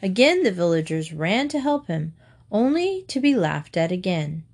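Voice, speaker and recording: A woman calmly reading fables aloud, clear and steady as a storyteller. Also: lowish voice, normal speed. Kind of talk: scripted storybook narration.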